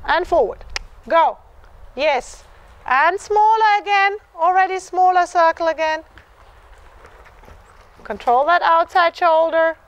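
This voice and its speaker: A woman's voice: extremely high pitch, takes it slowly, pauses often, lo-fi sound. A woman clinician coaching a dressage rider live. She encourages the rider with repeated yeses and chants the horse's rhythm aloud. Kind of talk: live riding lesson coaching.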